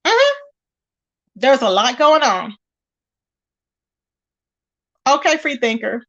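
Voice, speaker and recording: High-voiced sassy woman chatting live. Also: big pitch swings, unhurried, a bit bright, lo-fi sound. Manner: chatty, sassy, greets viewers by name. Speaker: livestream host. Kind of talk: casual live chat, reading viewer comments.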